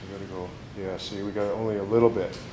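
A young man vlogs while working in his workshop, rambling, joking and swearing constantly in profane casual chat. His voice sits low and comes out fast, mellow and level. There's a little hiss or hum on the recording.

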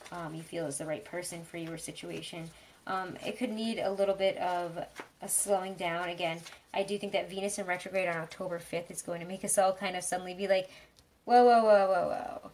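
A woman giving a casual tarot reading, chatty and rambling, with frequent fillers and soft laughs. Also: on the low side, steady tone, brisk. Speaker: tarot reader.

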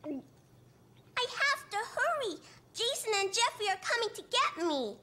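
A woman voicing a four-year-old cartoon boy, eager and easily upset, in a high childlike voice. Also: sing-song, measured pace, pushed and bright, exaggerated voice.

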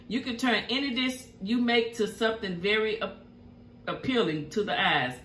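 A woman's voice: lowish voice, fairly bright tone, reverberant, slight background noise. Chatty grandmother reading comments. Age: older. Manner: chatty, folksy, reacts to each comment. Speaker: cooking show host. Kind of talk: reading viewer comments aloud. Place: home kitchen.

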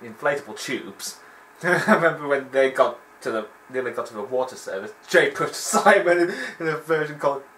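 A man's voice: mid-range voice, a little fast, a bit bright, slight background noise, poor audio. A man hosting a let's play, chatting in a rambling, digressive way and laughing often while he plays. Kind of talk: rambling gameplay commentary.

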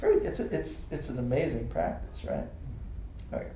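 A man of middle pitch leads a relaxed Buddhist class, talking loosely and laughing often. His voice sits in an echoey room, and the live-stream sound is dull with a faint hiss. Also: fairly quick. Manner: chatty, laughing often, many "you know" and "right?". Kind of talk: casual dharma class lecture.

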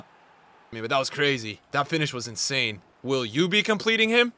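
A young man giving live commentary on a football video game as he plays, swinging from mumbled asides to loud outbursts. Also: mid-range voice, big pitch swings, brisk, no echo. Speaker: gaming streamer.

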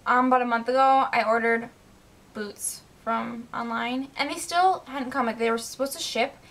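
High-voiced chatty teen girl vlogger. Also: fairly even intonation, normal speed, a bit bright. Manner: chatty, rambling, full of "like" and "um". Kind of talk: casual storytelling vlog.

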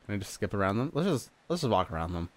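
A young man with a lowish voice races through very animated commentary while playing a role-playing game. Swearing is frequent, and he laughs and exclaims at each surprise.

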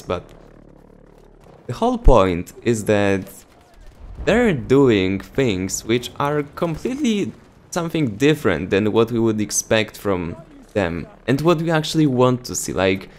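A man with a Polish accent giving sarcastic, exasperated commentary in a gaming news vlog. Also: lowish voice.

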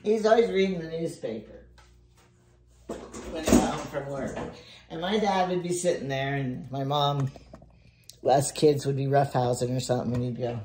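A woman's voice: a bass voice, moderate pace, a little mellow. An older woman chatting casually and telling rambling family stories while she bakes, chuckling often. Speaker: home cook vlogger. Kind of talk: casual chat while baking. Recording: echoey room, faint noise.

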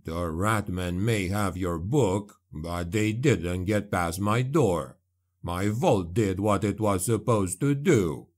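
A man voicing a gruff dwarf slayer, speaking slowly with a growl. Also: low-pitched, a little mellow.

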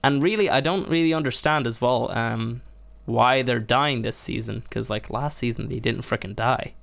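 A man doing let's-play commentary in a gravelly, mid-pitched voice. He talks himself through every move of his survival game, his voice leaping up high whenever things go wrong. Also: moderate pace, a bit bright. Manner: exasperated, self-narrating, laughing at mishaps; jumps much higher in pitch when upset. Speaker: gaming YouTuber.

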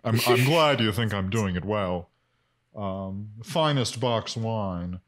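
A man's voice: fairly low pitch, expressive, slow pace. A young man co-hosting a podcast, recapping an episode in casual chat with hesitant restarts and dry jokes. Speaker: podcast co-host.

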